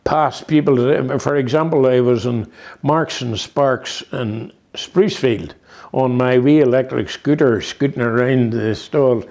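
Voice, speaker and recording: Old northern irish guy, 80s, gravelly voice, rambles through stories w lots of uhs. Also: medium pitch, darkish tone. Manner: rambling, anecdotal, many restarts and fillers. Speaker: interviewee. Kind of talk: reminiscing conversation.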